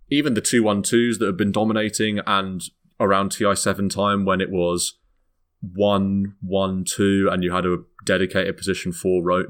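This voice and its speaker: British guy with a really low voice, rambling podcast host chatting casually. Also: fairly bright tone. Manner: rambling, self-correcting, laughs often. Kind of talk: casual chat.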